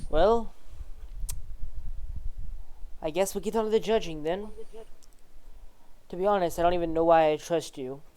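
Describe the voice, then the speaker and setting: A guarded, weary female judge in a tabletop game, voiced by the game master. She speaks frankly and cautiously, in a smooth, clear voice. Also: mid-range voice, unhurried, pauses often, warm tone, close to an everyday voice. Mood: wary. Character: wary female judge and spellcaster.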